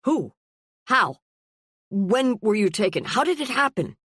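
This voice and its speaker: A woman's voice: mid-range voice, sing-song, a little slow, fairly bright tone, slightly rough, dry recording, studio quality, pitched above the performer's own voice, exaggerated voice. A woman reading a worried, relieved middle-aged father in an audiobook, firing off urgent questions.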